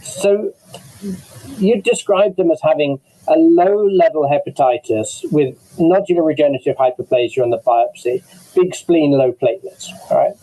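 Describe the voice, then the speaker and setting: Man, English accent, moderator on a video call, fairly high voice, soft dark tone, halting with fillers. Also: rough recording. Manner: hesitant, many fillers and restarts. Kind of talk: online medical discussion.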